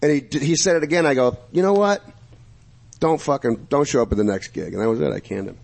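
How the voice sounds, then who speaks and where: A man telling a long profane story in casual chat among friends, animated and swearing freely. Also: mid-range voice, very fast, vocal fry, husky.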